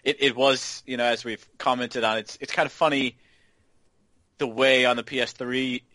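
A man's voice: medium pitch, little pitch movement, moderate pace, sharp tone, no echo. Easygoing man, dry close sound. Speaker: podcast co-host. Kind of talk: casual chat about video games.

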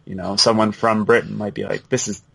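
A man co-hosting a podcast, chatting casually and quickly about a video game with many asides. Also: fairly low pitch, level tone, gravelly, fairly bright tone, slightly rough. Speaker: podcast co-host.

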